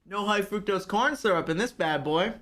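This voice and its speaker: A man's voice: sits high, lively intonation, normal speed, a bit bright. A young man chatting casually on a live stream, ranting and mocking himself with plenty of profanity.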